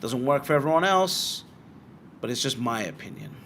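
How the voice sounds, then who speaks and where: A young man from Britain hosting a casual livestream, answering viewer questions bluntly and swearing freely. His voice sits at a middle pitch, with faint noise and room ambience behind it. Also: moderate pace. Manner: blunt, swearing, animated asides. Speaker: bitcoin livestream host.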